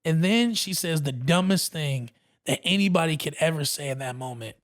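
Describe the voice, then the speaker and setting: A man guest on a podcast, telling a story in a casual, animated way and acting out what others said. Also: a little high, normal speed. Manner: animated, acts out quotes, says bro a lot.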